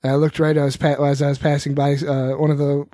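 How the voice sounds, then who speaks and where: A man's voice: fairly high pitch, little pitch movement, quick pace, warm tone, no room sound. A man co-hosting a podcast, chatting playfully and laughing easily. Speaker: podcast co-host. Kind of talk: casual comedic banter.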